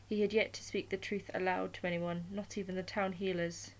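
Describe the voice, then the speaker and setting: A woman reading a short story aloud as narrator, at a steady, unhurried pace. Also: on the low side, poor audio.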